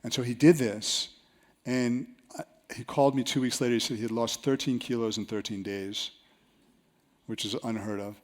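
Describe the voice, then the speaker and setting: Animated man giving a seminar talk. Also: mid-range voice, moderate pace, long pauses. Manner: storytelling, animated, with self-mocking anecdotes. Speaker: seminar presenter. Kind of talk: seminar talk to a live audience.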